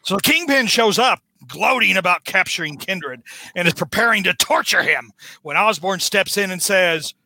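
A man's voice: high voice, expressive, normal speed, creaky, sharp tone, no echo. A man hosting a podcast, giving a sarcastic, mocking recap of a comic book. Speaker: podcast host.

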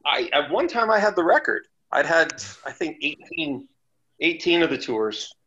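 Animated male storyteller, dull audio. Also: fairly high pitch, moderate pace. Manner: animated, acts out quotes, laughs often. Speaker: guest storyteller. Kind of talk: casual anecdote telling.

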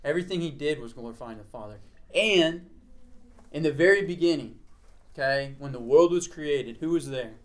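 In an expressive, slightly high voice, a man teaches a small group from the Bible, slowly reading passages aloud before explaining them in a chatty way and repeatedly checking with "okay?".

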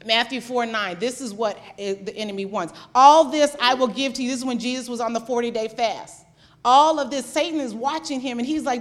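A middle-aged woman pastor delivering a sermon, animated and conversational, acting out quotes and often restarting her sentences. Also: sits high, normal speed. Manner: animated preaching with acted-out quotes and frequent restarts.

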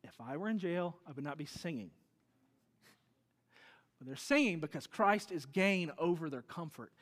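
A pastor, preaching a sermon as an animated storyteller who swings between loud and hushed delivery. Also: male voice, a little high, moderate pace. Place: church sanctuary. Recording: reverberant church hall.

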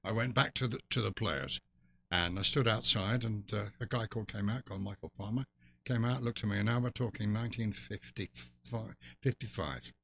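With a fairly low, creaky, fairly bright voice at a normal speed, an older man from England tells long, wandering stories as a casual interview guest. He restarts and laughs as he goes, heard through a dull lo-fi recording.

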